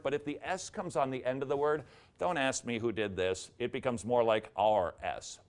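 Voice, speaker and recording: A man giving a casual video lesson on letters, sounding each one out and tossing in jokey asides. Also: medium pitch. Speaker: teacher.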